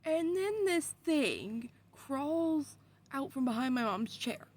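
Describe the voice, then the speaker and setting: A young adult woman vlogger telling a story in a casual way, with animated delivery and frequent swearing. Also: high-pitched, takes it slowly.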